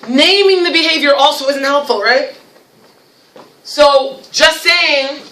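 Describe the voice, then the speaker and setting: A woman presenting a lively teacher workshop, playful and animated, breaking into demonstrations in a large room. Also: high voice, unhurried, distant mic. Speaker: special education director leading a teacher workshop. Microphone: distant from the recording mic. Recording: echoey room recorded from afar.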